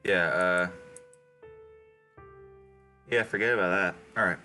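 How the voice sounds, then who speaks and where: A man's voice: sits low, fairly even intonation, takes it slowly, pushed and bright, soft background music. A young man reading a story game aloud, with casual, musing asides as he plays. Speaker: game streamer. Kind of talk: reading a visual novel aloud with commentary.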